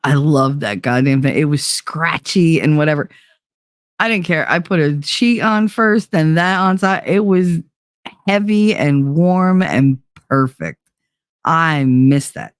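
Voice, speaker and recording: A woman hosts a casual livestream, reading viewer messages and chatting in a profane, animated way. She laughs often as she talks. The sound is dry and close, with no room echo. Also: low-pitched, takes it slowly. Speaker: livestream host.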